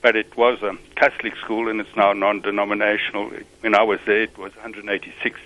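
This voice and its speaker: A man's voice: fairly low pitch, flat delivery, fast, sharp tone, poor audio. A male caller and former pupil sharing memories of his school on a radio show. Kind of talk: phone-in recollection.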